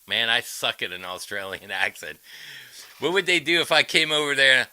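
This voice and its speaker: Male guitarist streamer, animated and rambling, greets the chat between licks. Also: mid-range voice, moderate pace, poor audio. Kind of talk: casual livestream chat.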